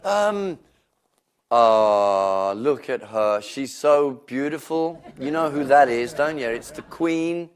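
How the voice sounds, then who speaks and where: A wry man with a slow, lively voice. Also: mid-range voice.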